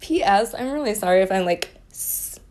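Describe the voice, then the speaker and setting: A woman's voice: medium pitch, lively intonation, normal speed, darkish tone. A woman in her forties hosting a solo podcast, talking candidly and with a lot of swearing, with a slight lisp from a chipped tooth and frequent laughs. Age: 40s. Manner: candid, profane, laughs often. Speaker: podcast host. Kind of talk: casual solo podcast chat.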